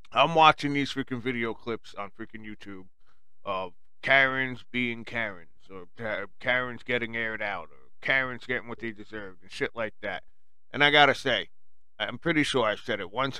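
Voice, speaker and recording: A man rants furiously into the mic as host of his own radio show, cursing constantly and mocking the people he talks about. His voice is bright and forceful. The sound is dry and close. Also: medium pitch, clean tone, no room sound. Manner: angry, swearing, mocking quoted people. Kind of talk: profane rant.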